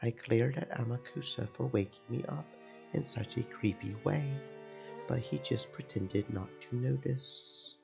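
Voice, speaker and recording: A man streaming a let's play, reading first-person visual novel narration aloud in a slow, emotive way with game music behind. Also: mid-range voice, gravelly, warm tone, highs cut off. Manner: slow, emotive reading that swells into panicked repetition.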